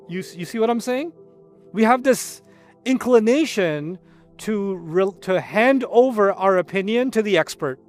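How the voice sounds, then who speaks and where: Middle-aged male lecturer, high-pitched and animated, teaching style, faint music under the voice. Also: moderate pace. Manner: animated teaching, acts out quoted voices, recites Arabic. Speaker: Islamic lecturer. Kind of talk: Quran lecture.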